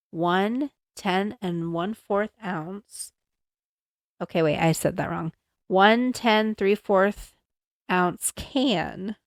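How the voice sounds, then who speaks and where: Her voice fairly low and creaky, this young podcast host chats her way through a home recipe's ingredients and steps, apologizing and fussing over the handheld mic she moves around. The studio-quality recording has no room sound.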